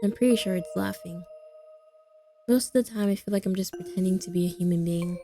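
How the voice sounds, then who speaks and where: A woman's voice: mid-range voice, brisk, music in the background, lightly acted. A woman voicing a depressed, exhausted young woman in a visual novel, weary and self-loathing. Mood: weary, hollow. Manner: weary, hollow, bursts into bitter anger.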